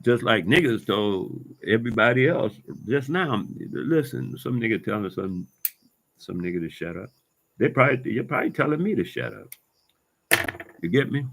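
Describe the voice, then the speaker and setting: A man in a fired-up vlog rant, cursing freely and hammering the same points again and again. His voice sits on the lower side, and he talks in loose, casual street slang. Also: animated, normal speed, creaky, fairly bright tone. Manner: heated, profane, repetitive street talk. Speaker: vlogger. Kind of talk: ranting monologue to camera.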